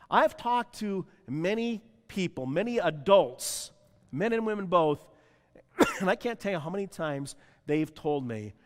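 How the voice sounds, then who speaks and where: A man's voice: a little high, long reverb tail. A man preaching as pastor to his congregation, repeating key lines and getting the room to answer back. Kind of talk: sermon. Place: church sanctuary.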